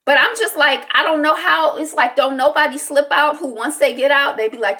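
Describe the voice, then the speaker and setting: A woman's voice: high voice, normal speed, few pauses, bright, forceful tone. A woman hosting a casual solo commentary show, talking in a rambling, reflective way with many fillers and greeting viewers by name. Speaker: show host.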